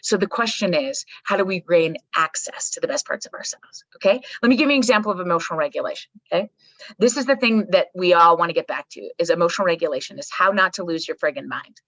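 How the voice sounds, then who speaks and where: A woman's voice: on the low side, quick pace, a bit bright, dry recording, poor audio. A woman psychologist guest talking emphatically on a podcast, swearing casually and checking in with "right?" and "okay". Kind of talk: energetic podcast conversation.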